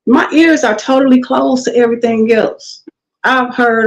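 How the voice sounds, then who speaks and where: A woman's voice: fairly high pitch, moderate pace, poor audio. A woman guest in a casual interview, telling stories animatedly and acting out what others said. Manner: animated storytelling, quotes others in lively voices.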